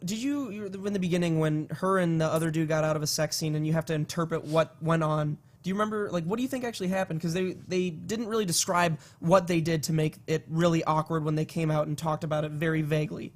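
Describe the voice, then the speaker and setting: A man's voice: on the high side, steady tone, quick pace, few pauses. A young man hosting a podcast in casual, jokey chat and steering the talk. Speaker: podcast host.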